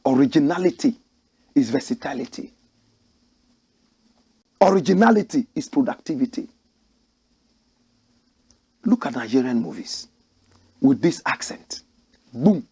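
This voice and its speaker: A Ghanaian man hosting an opinionated commentary show, talking in a forceful, preaching way with slogan-like lines. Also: a little high, slightly rough.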